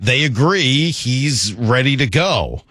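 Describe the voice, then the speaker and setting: A man's voice: medium pitch, very animated, takes it slowly, a bit bright, dry recording. A man hosting sports talk radio, arguing his opinion in an easygoing, rambling way. He keeps restarting sentences as he thinks. The studio sound is dry and close. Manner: conversational, self-deprecating, restarts often.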